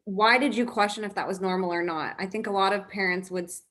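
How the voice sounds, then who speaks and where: Podcast host, woman, gentle and probing in her questions. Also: medium pitch, fairly even intonation, quick pace. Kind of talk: interview questions.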